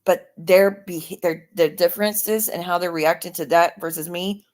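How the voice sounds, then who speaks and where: During a heated livestream argument, the female host grows defensive, cursing and escalating into angry outbursts. She speaks at normal speed in a lowish voice with fairly even intonation.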